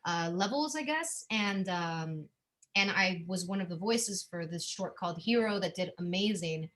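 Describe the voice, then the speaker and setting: A woman guest, an actress, chatting casually in an interview, bubbly and quick to laugh, with lots of fillers. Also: lowish voice, lively intonation, fairly bright tone.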